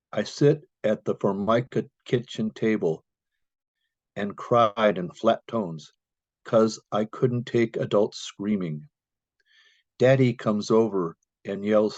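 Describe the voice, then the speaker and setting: A man reading his own poem slowly and deliberately at an open mic. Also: fairly low pitch, dry recording. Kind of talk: poetry reading. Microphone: video call. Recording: dull lo-fi video call audio.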